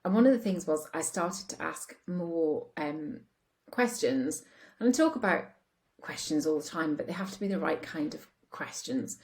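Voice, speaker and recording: A woman's voice: low-pitched, animated, normal speed, a little mellow. A woman relationship coach talking casually, chatty with lots of fillers, acting out the voices of people she quotes. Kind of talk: casual talk to camera.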